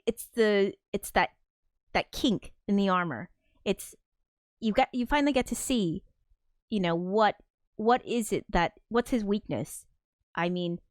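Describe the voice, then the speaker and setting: Woman streamer, mid-pitched, rambling casual chat with frequent fillers and swearing. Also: no room sound, clean studio sound. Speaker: streamer hosting film commentary.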